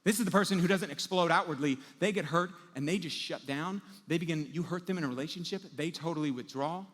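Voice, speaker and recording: Animated male pastor in a big hall. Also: a little high, fast talker. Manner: animated storytelling, acting out everyday scenes. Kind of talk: sermon.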